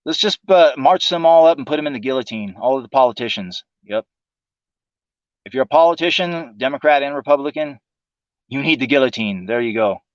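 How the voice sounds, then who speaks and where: A man's voice: mid-range voice, lively intonation, brisk, no echo, dull audio. A man hosting a livestream, delivering a profane, sarcastic political monologue in a casual ranting manner. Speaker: livestream host.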